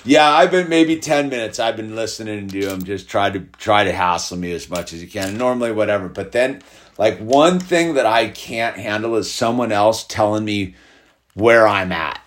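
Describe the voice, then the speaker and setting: A man's voice: fairly low pitch, moderate pace. A middle-aged man hosting a podcast, talking in a rambling, heated, casual way, full of "like" and "dude". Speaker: podcast host. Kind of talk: casual spiritual monologue.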